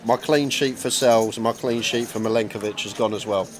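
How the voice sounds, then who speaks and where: A man's voice: medium pitch, a little fast. A man commentating a poker stream, explaining strategy and chatting with his co-host. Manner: explanatory, stammering restarts when excited. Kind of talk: poker commentary and casual chat.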